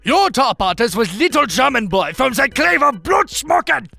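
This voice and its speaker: Animated high-voiced man reading funny posts. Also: normal speed, vocal fry, faint music behind. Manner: animated, jokey, swings between deadpan and loud. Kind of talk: comedic reading.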